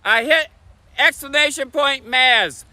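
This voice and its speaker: A man with a Michigan accent chatting fast and casually on a livestream, sitting outdoors on a bench by a bridge. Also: extremely high pitch, pushed and bright, no room sound, low-quality recording. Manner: talks fast, chatty, laughs often. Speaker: streamer. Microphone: phone camera on a tripod.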